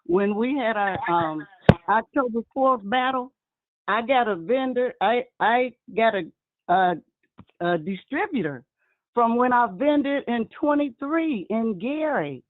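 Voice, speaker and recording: A woman excitedly telling stories about her vending, speaking in a casual chat and addressing listeners as y'all. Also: on the high side, slow pace, no room sound. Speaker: guest vendor sharing her experience. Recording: tinny phone line.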